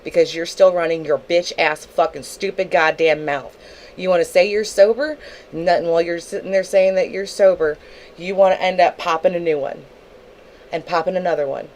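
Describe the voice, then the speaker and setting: A woman's voice: fairly low pitch, steady tone, normal speed, a little mellow, a little hiss or hum, poor audio. A young woman on a livestream, angrily ranting at another streamer, swearing heavily and talking confrontationally. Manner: angry, profane, confrontational. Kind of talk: angry livestream rant.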